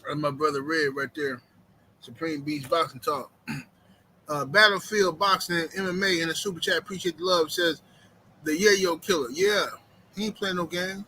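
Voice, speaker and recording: Man, live stream host, high voice, very bright, slangy joking chat, faint background noise. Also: steady tone, moderate pace, rough recording. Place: home.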